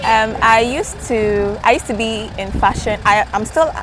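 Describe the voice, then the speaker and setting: A woman's voice: a little high, unhurried, music in the background. A young woman with a Ghanaian English accent, chatting casually and self-mockingly as an interview guest, recorded outdoors by a road.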